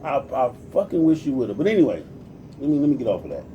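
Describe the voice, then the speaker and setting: A man's voice: mid-range voice, sing-song, fast talker, distant mic, muffled recording, slight background noise. A man in his forties from Compton, California, ranting in a casual livestream, cursing freely and greeting viewers by name as he preaches. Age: 40s. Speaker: livestream host.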